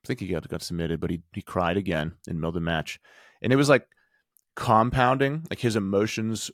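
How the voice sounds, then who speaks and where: A man hosting a podcast, telling a personal story in an animated way, his voice rising when he quotes others. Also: low voice, no room sound, clean studio sound. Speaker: podcast host. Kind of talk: storytelling monologue.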